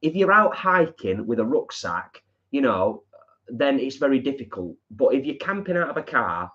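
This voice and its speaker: A man's voice: medium pitch, big pitch swings, moderate pace. A man co-hosting a live stream from his living room, easygoing and agreeable, reading viewer comments with lots of fillers. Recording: dull lo-fi live stream audio.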